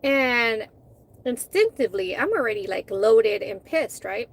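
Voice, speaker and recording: A woman's voice: on the high side, animated, a little slow, breathy edge. A woman in her thirties, a food vlogger, chatting casually while eating and telling a heated story candidly, with swearing, restarts and fillers.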